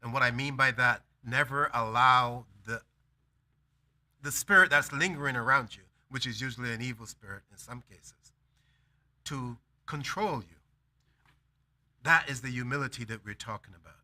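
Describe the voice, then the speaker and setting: A male preacher with a very bright, forceful voice delivers a sermon through a personal story. He acts out both sides of a conversation, then hammers home his points with emphatic declarations. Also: mid-range voice, normal speed, long pauses.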